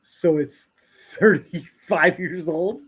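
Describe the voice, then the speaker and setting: A man in his forties who grew up in the country co-hosts a casual podcast, spinning profane, rowdy stories and acting out the people in them with animated voices. His voice is on the high side, slow, and slightly rough.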